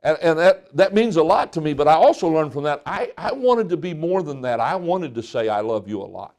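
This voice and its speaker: A man's voice: on the high side, big pitch swings, fairly quick, a little mellow. A man in his sixties preaching a sermon in a folksy storytelling way, often restarting his sentences. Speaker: pastor.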